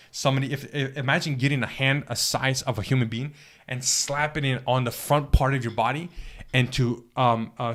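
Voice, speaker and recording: An earnest man tells his story in an interview, pausing, repeating himself and starting over. His voice sits at an ordinary middle pitch. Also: fairly bright tone. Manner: earnest, halting storytelling with many restarts and fillers. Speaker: guest telling his testimony. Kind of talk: personal spiritual testimony in an interview.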